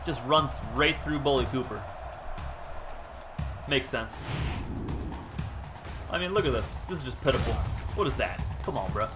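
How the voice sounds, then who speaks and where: A man casually commenting on his own football video game, bursting into loud shouts at big plays. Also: mid-range voice, lively intonation, measured pace, pauses often. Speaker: gaming YouTuber. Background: game music.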